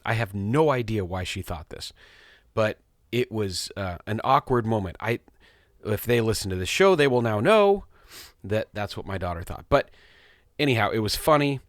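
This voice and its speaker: A middle-aged man hosts his own podcast in a loose, rambling monologue. His low voice swings widely as he tells stories, often amused at himself. The sound is close and dry, from a small studio. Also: expressive, moderate pace, no room sound. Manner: rambling, self-amused storytelling. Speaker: podcast host. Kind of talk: casual monologue.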